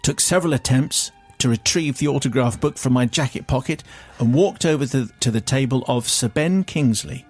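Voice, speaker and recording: A man's voice: mid-range voice, normal speed, hardly any pauses, faint music behind. A male radio host reading out a listener's confession in a dry, theatrical storytelling manner.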